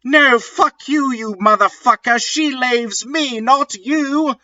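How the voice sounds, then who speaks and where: A crude, jealous goth teenage boy , voiced by a man, squawky and high-pitched, with a sharp, bright tone. The recording is dull and lo-fi. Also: takes it slowly, no echo, heavily acted. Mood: furious.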